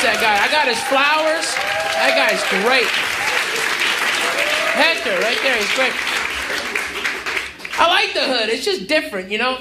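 A man's voice: very high voice, heavy background noise. A man from Houston, Texas, doing a brash, profane stand-up comedy set on a comedy club stage, telling stories and working the crowd through a handheld stage mic. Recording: echoey club with crowd laughter.

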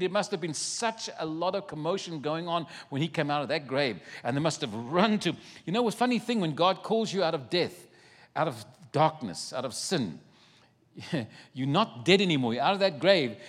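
Animated male preacher in a reverberant hall. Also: fairly high pitch, moderate pace. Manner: animated storytelling, acting out scripture scenes. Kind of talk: sermon.

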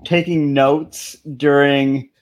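A man's voice: on the high side, fairly even intonation, takes it slowly. A man co-hosting a podcast, talking in a skeptical, dry, casual way. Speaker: podcast co-host. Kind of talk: casual chat.

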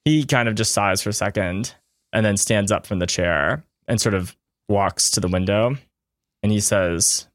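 A man narrating as game master of a tabletop game, calm and measured. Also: on the low side, no room sound, clean studio sound.

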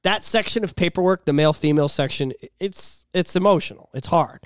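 A man's voice: a little high, brisk, smooth, dry recording, studio quality. A man co-hosting a casual podcast, talking in a blunt, heated, sweary way. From Canada. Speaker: podcast co-host.

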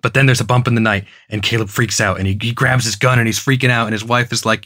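A man's voice: mid-range voice, fairly even intonation, quick pace, hardly any pauses, pushed and bright, dry recording, clean studio sound. A man with a mid-range voice recaps a TV episode in casual podcast chat. He is sarcastic and chuckles through his summary. He sounds loose and conversational. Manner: sarcastic, laughs while recapping. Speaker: podcast co-host.

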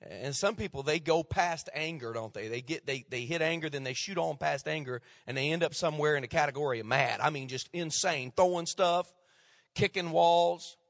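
A man's voice: on the high side, moderate pace, vocal fry, fairly bright tone. Man, fifties, pastor, sermon, folksy storytelling, restarts often, close dry voice, long church-hall reverb. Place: church sanctuary.

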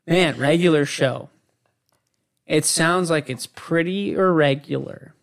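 A man's voice: a little high, takes it slowly, creaky. A man co-hosting a casual chat, teasing his partner in a mock-stern way.

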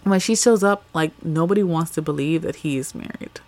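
A woman's voice: low voice, fairly quick, darkish tone, slight background noise. A woman podcast host casually retelling a comic's story in a chatty, slangy, profane way, full of "like". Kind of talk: casual plot recap.

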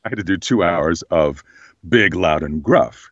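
Very deep-voiced man, slightly hoarse. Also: unhurried, no room sound, lo-fi sound. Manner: relaxed, thoughtful, many fillers. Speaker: voice actor guest. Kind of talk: casual interview chat.

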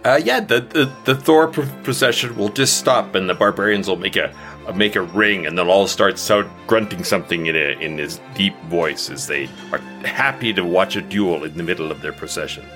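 A man narrating as game master of a tabletop game, relaxed and often chuckling. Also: low voice, moderate pace, soft background music.

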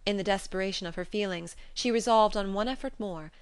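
A woman narrating a classic novel audiobook in an even, composed way. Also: mid-range voice, fairly quick, clean tone, dry recording.

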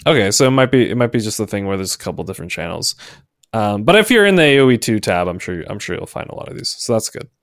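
A man's voice: on the low side, big pitch swings, fast, no room sound, clean studio sound. A man hosting a casual chat show, laughing often and hesitating with fillers. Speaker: podcast host.

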